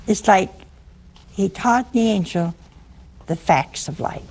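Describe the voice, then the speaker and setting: A woman's voice: mid-range voice, slow, darkish tone, a little hiss or hum. A woman preaching a conversational sermon, teasing and humorous, often asking listeners questions.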